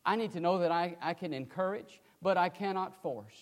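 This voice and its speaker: An older man preaching a sermon, emphatic, swinging from loud pleading to quiet asides. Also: sits high, normal speed. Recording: long hall reverb.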